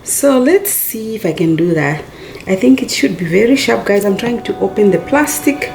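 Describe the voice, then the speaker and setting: A woman with an American accent filming a casual unboxing vlog, gushing with excitement, calling her viewers "guys" and dropping to soft near-whispers as she handles the box. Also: mid-range voice, normal speed, creaky, reverberant, a little hiss or hum. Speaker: unboxing vlogger.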